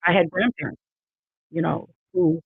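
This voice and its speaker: A woman in her fifties speaks earnestly in an interview, her husky, gravelly voice leaning on repeated phrases for emphasis. The sound is tinny and phone-like. It is also dry, with no room around it. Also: on the low side, fairly even intonation, normal speed, no echo. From Erie, Pennsylvania. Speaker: judicial candidate guest. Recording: tinny dry online call audio.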